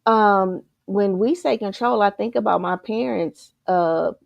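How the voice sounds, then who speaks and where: A woman coaching a group in a lively motivational talk, full of rhetorical questions and repeated calls to "you guys.". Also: mid-range voice, unhurried, gravelly, dry recording, dull audio. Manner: energetic, repetitive, rhetorical questions, keeps saying "you guys".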